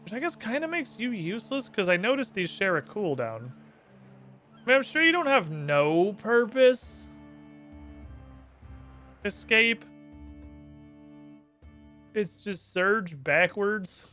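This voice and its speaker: This man's voice is high-pitched and sing-song, slow and full of long pauses, pushed and bright, with faint music behind him. He's streaming a video game live, cursing and talking sarcastically to himself as he plays.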